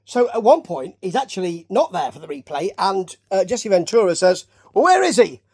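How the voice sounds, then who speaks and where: A man from Nottingham, England, speaks at normal speed in a high, expressive, mellow voice, giving rambling, casual commentary on old wrestling. He wanders off on tangents and regularly tosses questions to his listener.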